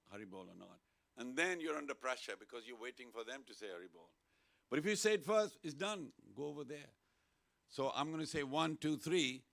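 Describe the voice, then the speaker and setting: A man's voice: medium pitch, gravelly, a bit bright. A man giving an informal, playful temple sermon, leading the congregation in call-and-response chanting. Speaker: temple speaker. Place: temple hall.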